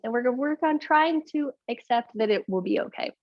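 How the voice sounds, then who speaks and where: A woman's voice: fairly high pitch, fairly quick, dry recording. Woman yoga teacher, dull dry recording. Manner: calm, breath-led cueing; candid, rambling asides. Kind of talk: guided yoga class. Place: live yoga class.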